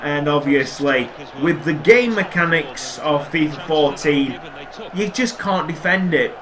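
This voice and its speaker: High-pitched excitable gaming commentator, man. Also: a little slow. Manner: excitable, swears and shouts at near misses. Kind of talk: casual gameplay commentary. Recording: crowd noise from game audio.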